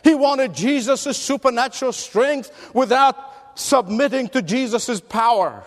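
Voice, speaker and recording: Preacher, male, very high pitched voice, emphatic storyteller, long hall echo. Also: measured pace. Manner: emphatic storytelling with rhetorical questions. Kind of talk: sermon.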